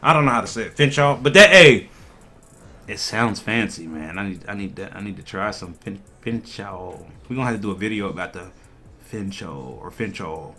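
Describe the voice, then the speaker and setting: A man's voice: deep voice, brisk, soft background music. A man hosting a casual cannabis livestream, chatting animatedly with viewers and laughing often. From Ohio. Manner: animated, laughing, talks to chat.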